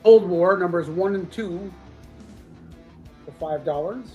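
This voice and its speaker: A comic-book auction seller with a fairly high, darkish voice calls out titles and prices slowly in loose, joking live-auction patter. Congested from a sinus infection, he keeps clearing his throat while faint guitar music plays in the background. The audio is dull.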